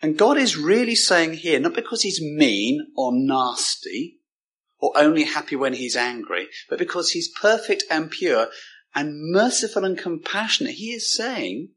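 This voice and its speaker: A man preaching a sermon, emphatic, with dramatic pauses and repeated words. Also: a little high, sing-song, fairly bright tone, husky.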